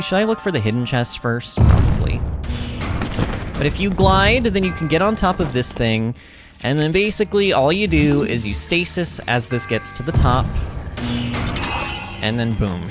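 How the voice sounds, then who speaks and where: Over music, a woman with a low voice streams a video game and chats casually with her viewers at a normal pace. She sounds very animated and bubbly, full of fillers and restarts.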